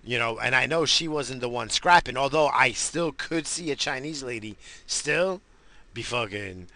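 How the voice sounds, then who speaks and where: A man who says he is high, ranting in a rambling, profane, slangy way as a comic commentator. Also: gravelly, pushed and bright, no echo. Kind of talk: rambling comedic rant.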